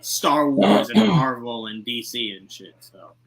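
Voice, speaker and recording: A man's voice: medium pitch, sing-song, unhurried, creaky, over a noisy crowd. A man co-hosting a casual podcast chat, teasing his friends and talking emphatically about shows and actors. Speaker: podcast co-host.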